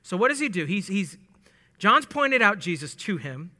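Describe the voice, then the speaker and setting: A man's voice: high-pitched, sing-song, moderate pace, pushed and bright. A man teaching through a Bible passage in a casual, joking way, acting out lines with laughs. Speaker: preacher teaching scripture. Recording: long hall reverb.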